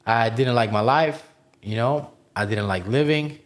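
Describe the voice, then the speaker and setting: An adult man cohosting a podcast tells his own life story in a candid, motivational way. He leans hard on his points, swears freely and keeps throwing in "bro" and "man." His voice sits in an ordinary middle pitch. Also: a little slow. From immigrated to the United States as a child. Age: adult, past twenty-one. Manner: emphatic and motivational, swears and says "bro" often.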